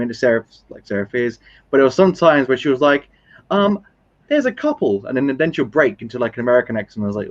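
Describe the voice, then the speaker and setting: A man's voice: mid-range voice, muffled recording. A man chatting casually in a film discussion live stream, rambling and explaining his points through examples.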